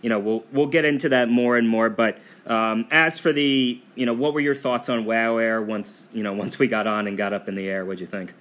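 A man co-hosting a casual travel podcast, telling the story in a relaxed, chatty way with frequent fillers. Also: medium pitch, a little fast, hardly any pauses. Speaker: podcast co-host.

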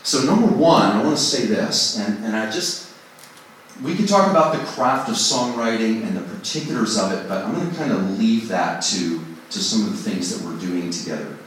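A man's voice: on the low side, lively intonation, moderate pace, slight background noise. A man giving a casual, self-deprecating songwriting talk to a group, recorded from a distance in a large room. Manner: conversational, self-deprecating, acts out inner voices. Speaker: songwriting workshop speaker. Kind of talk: informal teaching talk to a group. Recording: distant mic in a very echoey room.

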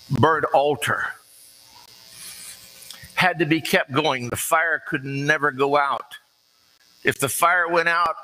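A man's voice: a little high, sharp tone, rough recording. A man preaching an earnest, conversational sermon with folksy asides.

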